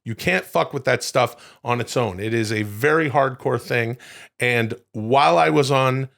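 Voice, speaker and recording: A man's voice: medium pitch, unhurried, vocal fry, fairly bright tone. A male co-host with a mid-range voice chatting on a comedy podcast. He rambles, swears freely and keeps things loose and joking, trailing off and restarting as he goes. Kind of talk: casual comedic chat.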